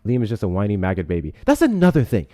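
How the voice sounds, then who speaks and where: A man's voice: lowish voice, wildly swooping pitch, rapid-fire, no echo, studio quality. A man hosting a live-stream debate show, talking loosely with lots of swearing and laughing. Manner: loud, swearing, laughs a lot. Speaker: livestream debate host. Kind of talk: casual live-stream talk.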